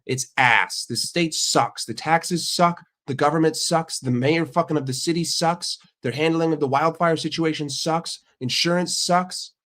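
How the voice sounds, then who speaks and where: A man's voice: a little high, unhurried, hardly any pauses, fairly bright tone. A young adult man from the United States hosting his channel, ranting casually with heavy swearing and a brash manner. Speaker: streamer and channel host. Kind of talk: casual profane rant.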